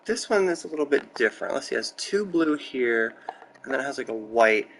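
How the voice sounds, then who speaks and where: Young male streamer, candid and excitable, rambles through stories in a medium voice; close mic with light background noise. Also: mid-range voice, fairly quick, rough recording. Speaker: gaming streamer. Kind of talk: casual chat while building in a game. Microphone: close desk mic.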